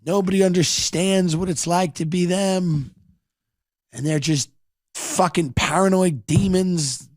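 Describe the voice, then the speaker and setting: A man hosting a podcast, riffing in a sardonic, rambling comedic monologue with quick asides. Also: sits high, fairly even intonation, no echo, clean studio sound. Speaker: podcast host.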